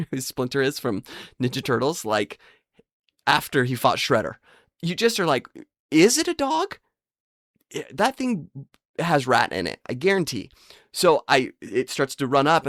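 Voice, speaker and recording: A man with a gravelly edge and an ordinary mid pitch, talking through a casual podcast monologue. He tells rambling, self-deprecating stories and drops into quick impressions of the people in them. The sound is close and dry. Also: a bit bright, no echo. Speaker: podcast host.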